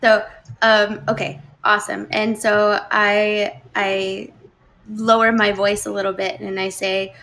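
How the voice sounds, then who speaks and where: A woman's voice: mid-range voice, level tone, measured pace, gravelly, fairly bright tone, rough recording. A woman playing in a tabletop game, describing her character's actions hesitantly with many fillers. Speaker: player.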